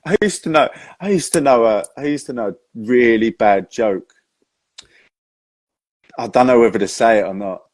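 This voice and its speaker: A husky-voiced man hosts a live casual chat. He tells jokes and stories at a mid pitch, laughs easily and swears now and then. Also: moderate pace, long pauses, darkish tone. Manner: chatty, laughs a lot, swears in anecdotes. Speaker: host, magician.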